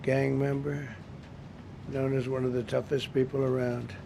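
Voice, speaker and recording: A man's voice: medium pitch, little pitch movement, unhurried, creaky, noisy background. A man speaking off the cuff at a press briefing, rambling, repetitive and emphatic.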